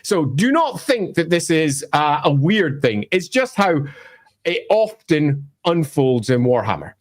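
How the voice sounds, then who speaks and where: A man's voice: fairly high pitch, big pitch swings, measured pace. A Scottish man explaining fantasy game lore in an emphatic, wry, opinionated way. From Scotland. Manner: emphatic, wry, bursts into mock voices. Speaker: lore presenter.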